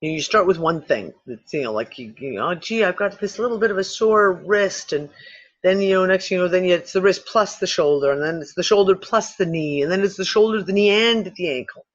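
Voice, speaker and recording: A man hosting a discussion show, thinking out loud in loose, rambling speech with casual swearing and frequent restarts. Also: sits high, fairly quick. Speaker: podcast host. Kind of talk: casual speculative talk. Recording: dull lo-fi recording.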